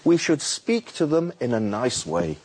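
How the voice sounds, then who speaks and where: A man with a husky voice tells a story as he explains how to call people to Islam. His pitch swings widely, and he repeats words as he goes. At times he acts out a street vendor's calls. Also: sing-song, a little slow, a little mellow. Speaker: Muslim preacher guest.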